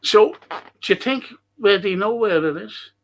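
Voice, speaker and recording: A man's voice: sits high, animated, unhurried, a bit bright. A man hosting a rambling solo monologue, blunt, swearing and often restarting his sentences. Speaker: host.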